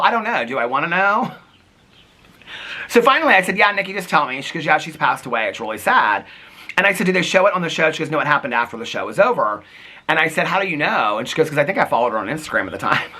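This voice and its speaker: Male vlogger, lively swooping delivery, chatty storyteller. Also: mid-range voice, husky. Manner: chatty storyteller, acts out quotes, laughs often. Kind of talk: casual chat.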